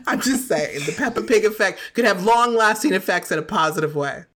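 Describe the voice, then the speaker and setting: A woman's voice: mid-range voice, lively intonation, fairly quick, fairly bright tone. A woman co-host with a mid-range voice chats casually on a podcast. She rambles along and often laughs through what she says. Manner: chatty and rambling, laughs through her words. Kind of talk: casual chat.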